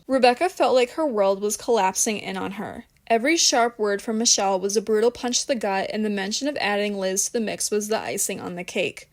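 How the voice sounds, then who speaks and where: A woman narrating an audiobook in a steady, even reading voice. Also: mid-range voice, a little fast, hardly any pauses.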